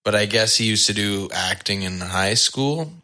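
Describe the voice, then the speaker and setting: A man hosting a podcast, who tells stories in an animated way and laughs often. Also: lowish voice, moderate pace. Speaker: podcast host. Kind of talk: casual interview chat.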